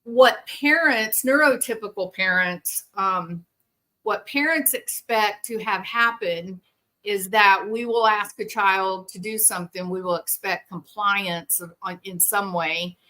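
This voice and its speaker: Woman, podcast host, bright tone, middle pitch, animated explaining. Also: measured pace. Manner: animated, acts out parents and children in quoted voices. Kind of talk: explanatory commentary.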